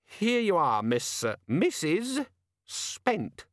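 A man's voice: high-pitched, wildly swooping pitch, takes it slowly, a bit bright, dry recording, clean studio sound, pitched above the performer's own voice, heavily acted. A man voicing a self-important, blustering male watch sergeant in an audiobook. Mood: pompous. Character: pompous know-it-all male watch sergeant.

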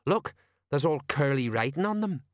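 A man's voice: a little high, expressive, normal speed, no room sound, clean studio sound, voice pushed up, natural voice. A man voicing a self-important, blustering male watch sergeant in an audiobook. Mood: pompous. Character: pompous know-it-all male watch sergeant.

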